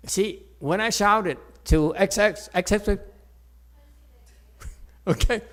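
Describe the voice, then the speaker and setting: A man speaks slowly in a high, somewhat bright voice while giving a dharma talk as a Chan meditation teacher. Before an audience in a meditation center hall, he is playful, cracks jokes, and keeps checking in with listeners.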